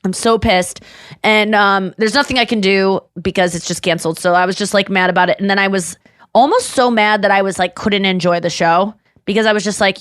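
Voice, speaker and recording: A woman hosting a podcast, telling a story in casual chat with quick laughs and some swearing. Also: medium pitch, a bit bright, smooth, no echo, clean studio sound. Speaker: podcast host.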